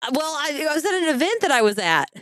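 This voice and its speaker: A woman's voice: high voice, big pitch swings, quick pace, a bit bright, no echo. A woman from the Midwest co-hosting a casual podcast, giggly and enthusiastic, playfully exaggerating. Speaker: podcast co-host.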